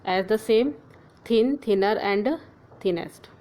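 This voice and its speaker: Spelling letters out slowly, a female teacher works through a grammar lesson and often pauses to ask "okay" and "clear?". She has a mellow, mid-range voice, captured on a rough recording.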